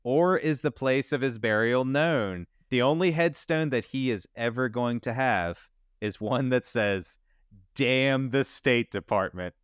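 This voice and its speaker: Man, casual podcast storyteller, smooth clear voice, dry close sound, laughs easily. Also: mid-range voice, unhurried, no room sound. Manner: loose, laughing storyteller who swears casually. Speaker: podcast co-host telling a true-crime story. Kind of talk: casual chat.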